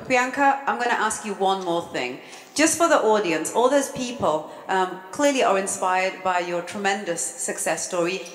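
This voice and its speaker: A woman hosting a live awards show, keeping the audience questions moving in a brisk, directive way. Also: mid-range voice, lively intonation. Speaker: host. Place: large event hall. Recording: echoey hall with long reverb.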